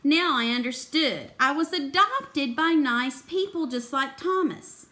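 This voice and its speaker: A woman's voice: sits high, animated, measured pace, bright, forceful tone. A woman reading a children's chapter book aloud, expressively voicing the characters. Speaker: reader.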